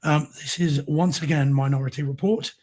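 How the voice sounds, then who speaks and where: A man with a husky, slightly raised voice that is going hoarse, co-hosting a relaxed chat about home theater. He gushes with enthusiasm about movies and picture quality, and often stops to restart a sentence. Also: a little high, normal speed. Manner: enthusiastic, effusive. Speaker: co-host.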